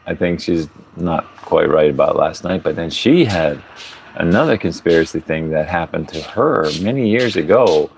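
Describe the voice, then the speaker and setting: A man's voice: low-pitched, vocal fry, a little hiss or hum. A man hosting a casual livestream podcast outdoors, rambling and chuckling often as he talks. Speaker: podcast host. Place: outdoors at a tiny home under construction, pigs nearby.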